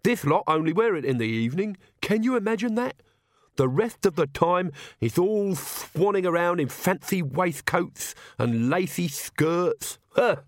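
A man voicing a haughty, grumbling male castle servant who speaks slowly. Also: high-pitched, expressive, dry recording, clean studio sound, voice pushed up.

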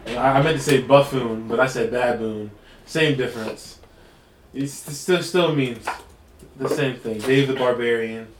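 A man's voice: mid-range voice, measured pace. Man joking around, casual podcast banter, roomy echo, faint hiss. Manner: loud joking, repeats words. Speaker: podcast co-host. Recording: echoey room with faint noise.

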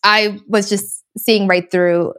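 A woman's voice: medium pitch, fairly even intonation, takes it slowly, a bit bright. A young woman, chatting casually and telling a story with many fillers. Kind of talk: casual chat.

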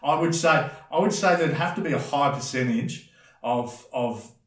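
A man's voice: fairly high pitch, moderate pace, a bit bright, recorded from a distance. A man, a former bouncer, telling blunt and crude stories in casual podcast chat, often acting out the voices of the people in them. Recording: echoey room, a bit off-mic.

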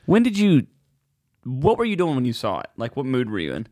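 Fast lively comedian guy on a podcast, rambly storytelling, super dry sound. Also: medium pitch, no room sound. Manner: animated, rambling, mimics voices. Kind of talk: casual storytelling chat.

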